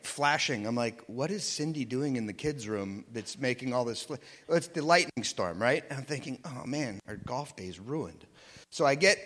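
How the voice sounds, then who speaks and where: A man's voice: medium pitch, fairly bright tone, big-room sound. A man giving a casual Bible teaching, chatty and joking, often checking in with "okay?" and "right?".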